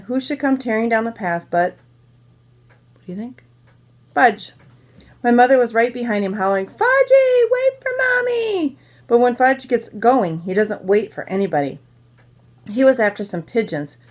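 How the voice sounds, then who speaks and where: A woman teacher reading a children's novel aloud to her students, pausing to explain words and ask questions. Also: fairly high pitch, darkish tone. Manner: pauses to explain to listeners.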